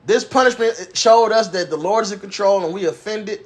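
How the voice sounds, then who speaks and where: A man's voice: high voice, moderate pace. A man preaching, reading scripture aloud and explaining it in blunt, profane street slang. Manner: profane, emphatic, reads King James verses then explains in slang; acts out a bragging axe in a mocking voice.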